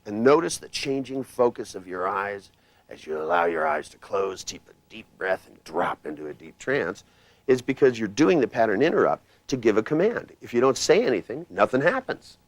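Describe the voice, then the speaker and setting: A man leading a live hypnosis workshop, blunt and commanding, swinging his pitch and loudness to demonstrate. He talks casually and swears now and then. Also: big pitch swings, moderate pace, no echo. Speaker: hypnosis trainer.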